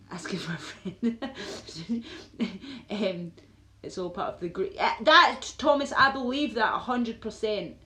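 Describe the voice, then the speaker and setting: Here a Scottish woman from Glasgow live-streams, rambling to her viewers with lots of filler words and regular bursts of laughter as she answers them. Her medium-pitched voice sounds bright and forceful. The audio is echoey and roomy, with faint noise underneath.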